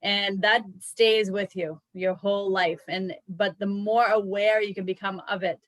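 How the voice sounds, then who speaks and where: A woman's voice: medium pitch, steady tone, a little slow, dry recording, rough recording. A woman co-hosting a casual chat about yoga, thoughtful, often restarting her sentences and saying "like". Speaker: yoga teacher co-host.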